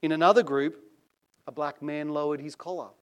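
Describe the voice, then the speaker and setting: A male preacher delivering a sermon, reading passages aloud with measured, dramatic emphasis that swells on key phrases. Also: a little high, fairly even intonation, smooth.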